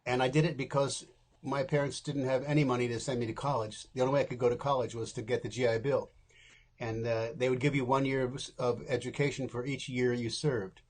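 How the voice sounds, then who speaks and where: An older man in his seventies with a husky, slightly breathy voice, chatting as an interview guest. He tells his stories candidly and with wry humor, slipping into the voices of the people he quotes. His pitch sits at an ordinary middle level for a man. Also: flat delivery, a little fast, darkish tone. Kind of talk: casual storytelling interview.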